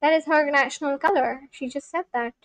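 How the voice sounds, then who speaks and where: High-voiced young woman streamer. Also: a little fast, no room sound. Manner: talks back to chat, scolding and reassuring; loose filler-heavy speech. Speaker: livestreamer. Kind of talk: casual live-stream chat with viewers.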